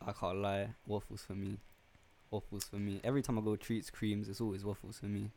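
A man's voice: lowish voice, completely flat delivery, brisk, mellow, slight background noise. A young man co-hosting a casual podcast, laughing a lot as he talks. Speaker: podcast co-host. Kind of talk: casual chat with friends.

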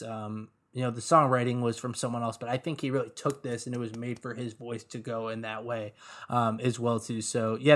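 A man's voice: medium pitch, a bit bright. Rambling man chatting on a podcast. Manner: rambling, heavy on fillers like "like" and "um". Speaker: podcast co-host. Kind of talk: casual podcast chat about music.

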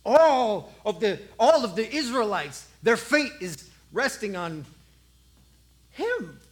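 A preacher telling a Bible story in an animated, conversational, jokey way. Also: medium pitch, slow. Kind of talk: comic sermon storytelling.

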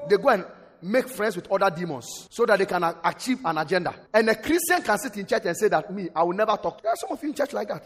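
A man's voice: sits high, slightly rough. A man preaching a sermon in church. He quotes scripture and calls on the congregation to respond. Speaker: pastor. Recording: long hall reverb, faint music.

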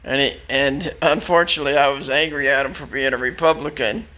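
A man's voice: mid-range voice, steady tone, a little fast, bright, forceful tone. A man rambling through personal stories in a casual way, repeating words and chuckling as he goes. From Florida. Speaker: storyteller.

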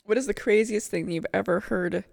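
A young woman co-hosting an interview podcast, bubbly and quick to laugh. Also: medium pitch, vocal fry, darkish tone. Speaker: podcast co-host. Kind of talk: casual interview chat.

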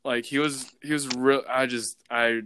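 A man's voice: medium pitch, fairly even intonation, unhurried, sharp tone, a little hiss or hum. A man telling a long casual story, rambling with lots of fillers and the odd swear word. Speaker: podcast host telling stories. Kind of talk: casual chat.

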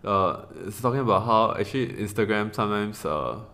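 A young Singaporean man with a fairly low voice talks loosely in a podcast chat. He piles on fillers and restarts, and now and then breaks into high laughs. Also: lively intonation, brisk, pushed and bright. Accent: Singaporean English. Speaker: podcast co-host. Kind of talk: casual chat.

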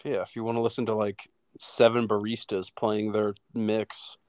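A man's voice: fairly low pitch, flat delivery, moderate pace, a little mellow, smooth, dry recording. Dry, sarcastic young man. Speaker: podcast co-host. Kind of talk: casual banter.

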